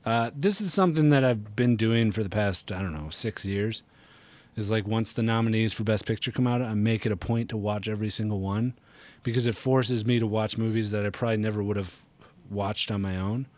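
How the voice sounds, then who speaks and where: A man's voice: fairly low pitch, brisk, no room sound. Joking Wisconsin man, dry close mic. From Wisconsin, USA. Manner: joking, tells tall tales deadpan. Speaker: podcast co-host. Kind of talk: casual gaming podcast chat.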